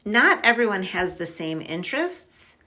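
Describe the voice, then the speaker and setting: A woman's voice: mid-range voice, big pitch swings, a little slow, sharp tone. A middle-aged woman chatting casually as a podcast guest, upbeat and talkative, often saying "like" and laughing easily. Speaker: podcast guest on money mindset. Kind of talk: casual chat.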